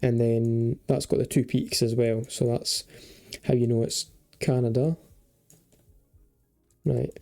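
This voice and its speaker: A man's voice: medium pitch, flat delivery, slow pace, vocal fry, pauses often, warm tone. A young man giving chatty, casual commentary while playing a geography game, thinking aloud and swearing and joking freely. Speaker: gaming video creator.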